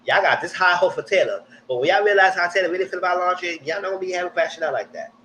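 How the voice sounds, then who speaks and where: A young man, hosting a live reality TV recap in casual commentary with animated, exaggerated re-enactments. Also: high voice, quick pace, slight background noise, low-quality recording.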